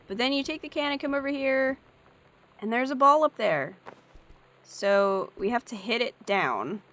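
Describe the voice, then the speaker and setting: Chatty woman narrating gameplay. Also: medium pitch. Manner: chatty and upbeat, thinking aloud. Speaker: let's play host. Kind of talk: casual gameplay commentary.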